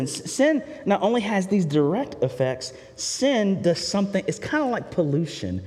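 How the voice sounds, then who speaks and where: Man, sermon, casual asides to the listeners, lively pitch, reverberant hall. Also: normal speed. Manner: candid, conversational, with repeated asides to the listeners. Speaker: preacher.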